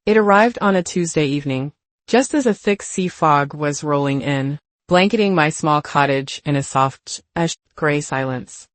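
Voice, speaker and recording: An older woman narrating a first-person story in a measured, reflective way. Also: deep voice, dry recording.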